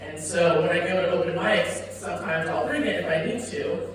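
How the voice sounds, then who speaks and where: A woman's voice: on the low side, moderate pace. A woman doing a stand-up set in a comedy club, with a brash, profane, punchy delivery. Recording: echoey club heard from far off with noise.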